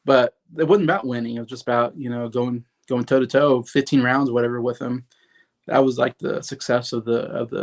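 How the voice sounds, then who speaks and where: A man in his thirties talking casually about favorite films, rambling with lots of "like" and "you know" and gushing with enthusiasm. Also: mid-range voice. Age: 30s. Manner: enthusiastic, openly sentimental. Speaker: movie reviewer. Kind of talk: casual movie commentary.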